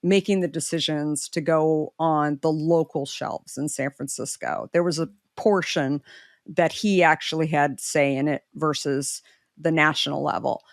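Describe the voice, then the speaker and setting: A middle-aged entrepreneur, appearing as a guest, tells a story in casual conversation, animatedly acting out the people she quotes with leaps in pitch. She speaks a little slowly, and the recording is dry, clean studio sound.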